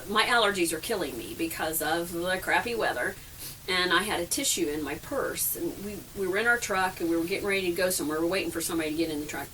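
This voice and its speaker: Here a middle-aged vlogger with a fairly low, slightly bright voice spins loose, self-mocking tales about camping, laughing frequently. She's sitting in a camper trailer, and the distant microphone catches a little background noise.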